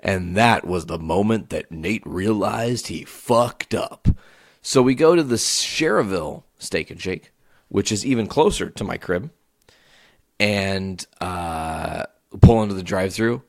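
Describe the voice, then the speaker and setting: A man hosting a solo podcast, telling a story as a profane, animated rant. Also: low-pitched, slow pace, gravelly, no echo, clean studio sound. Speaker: podcast host.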